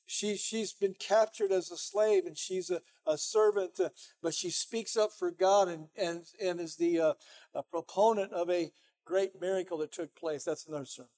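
A man's voice: sits high, steady tone, normal speed, darkish tone. A man preaching a sermon as pastor, conversational and emphatic, often saying "you know".

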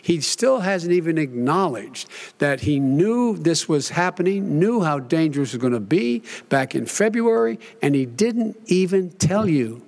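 An older man argues in a televised debate, his voice sitting a little high. He keeps cutting in and circles back with repeated asides and restarts. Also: very animated, unhurried, gravelly, darkish tone. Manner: repetitive, interjecting, says "and by the way" often. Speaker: debate candidate.

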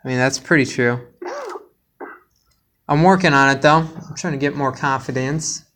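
A man's voice: medium pitch, moderate pace, fairly bright tone, slight background noise. A man hosting a casual podcast, joking and telling playful stories. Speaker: podcast host.

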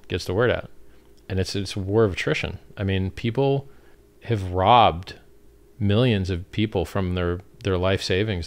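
A man with a somewhat low voice hosts a livestream. He talks in an animated, blunt, casual way and swears freely, close to a desktop streaming mic. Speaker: livestream host.

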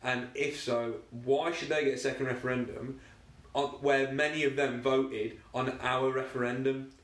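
Young English podcast co-host, mid-pitched, blunt and sweary storyteller, recorded in a roomy space. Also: male voice, level tone, moderate pace. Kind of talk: casual chat. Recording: echoey room.

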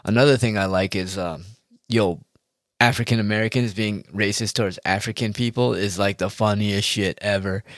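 A man's voice: on the low side, steady tone, normal speed, no echo, clean studio sound. A man talking straight to his audience in a rambling, heated monologue, full of swearing. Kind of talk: casual ranting monologue.

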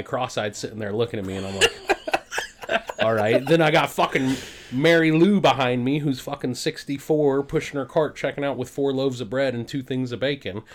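A man, a podcast co-host telling a profane, animated story in casual chat. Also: mid-range voice. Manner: profane, animated storyteller who acts out other people.

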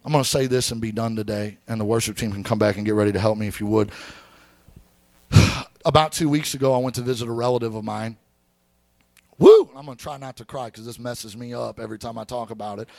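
A man preaching a sermon to a church congregation, telling a personal story in an easygoing way and then rising into shouted, sing-song preaching. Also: mid-range voice, steady tone, quick pace, vocal fry, no echo. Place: church sanctuary.

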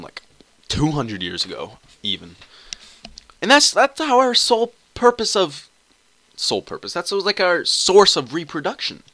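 Young man, solo podcast host, rambling and profane, bright voice, dry cheap computer mic. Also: mid-range voice, no echo. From Canada. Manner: rambling, crude and profane, many restarts. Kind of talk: casual solo podcast monologue.

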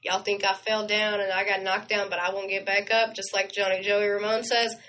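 A chatty woman co-host, her voice crisp and bright as she rushes through fan stories on air. She sounds gushing and animated, talking in casual radio chat. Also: medium pitch, slight background noise, low-quality recording.

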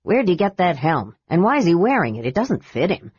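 A woman doing a gruff low dwarf warrior. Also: very animated, a little fast, darkish tone, dry recording. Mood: suspicious. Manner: gruff, muttering, low growl. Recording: dull dry recording.

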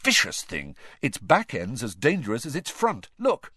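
A man voicing a brisk, practical young male dragon keeper in a storybook reading. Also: mid-range voice, wildly swooping pitch, pushed and bright, slightly rough, no echo, studio quality, full character voice. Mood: warning.

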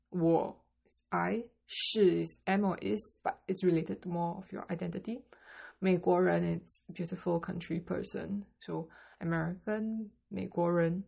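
A woman teaches basic Mandarin at an unhurried pace, her lowish voice carrying a gravelly edge. She models each phrase slowly and carefully, then explains it in plain English. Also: steady tone, warm tone. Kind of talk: language lesson.

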